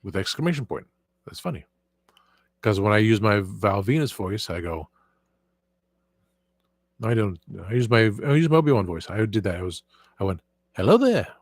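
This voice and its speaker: A man's voice: lowish voice, expressive, normal speed, long pauses, no room sound. A man hosting a casual live stream, rambling with many fillers and restarts while answering viewer chat. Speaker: livestream host.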